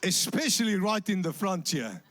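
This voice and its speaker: A man's voice: high voice, moderate pace. A man with a South African accent preaching a sermon in church, telling jokes and acting out voices in his stories. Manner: animated storytelling with acted voices and jokes.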